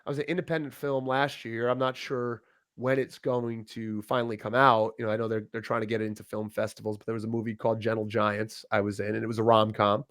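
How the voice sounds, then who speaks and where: A man's voice: lowish voice, quick pace, no echo, studio quality. A young man, a wrestler guest, chatting casually in an interview, laughing often and cursing easily. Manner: relaxed storyteller, laughs often, swears casually.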